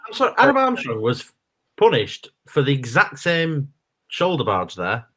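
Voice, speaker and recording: Animated male co-host, critical and grumbly. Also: medium pitch, moderate pace, poor audio. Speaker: co-host of a fan watchalong stream. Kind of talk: casual match chat.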